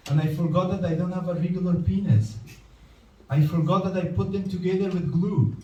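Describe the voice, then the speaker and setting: A male stand-up comedian telling a story to a live audience in short, matter-of-fact sentences with a deadpan delivery. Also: high voice. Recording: echoey room, heard from far off, faint noise.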